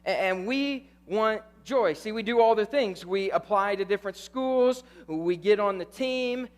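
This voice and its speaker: Young guy preaching to teens, high voice, lively storyteller, says right? a lot. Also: measured pace, faint music behind. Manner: animated, keeps asking "right?". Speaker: youth pastor. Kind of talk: youth sermon storytelling.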